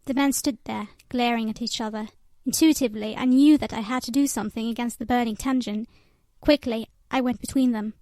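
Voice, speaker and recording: A woman's voice: on the high side, fairly even intonation, brisk, a little mellow, dry recording. A woman reading a novel aloud and voicing its characters with little change. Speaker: audiobook reader.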